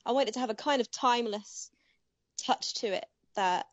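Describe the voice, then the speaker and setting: Bubbly young woman, giggly and quick to laugh. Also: on the high side, dry recording. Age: young adult. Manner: warm, giggly, many fillers and restarts. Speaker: guest embroidery artist. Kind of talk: casual interview chat. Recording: dull dry home-mic sound.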